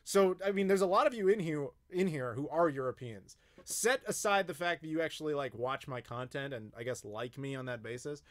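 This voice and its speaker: This American man answers live chat questions on his YouTube stream, rambling casually, cursing, and filling gaps with fillers. He talks briskly with hardly any pauses, in a high-ish, slightly bright voice.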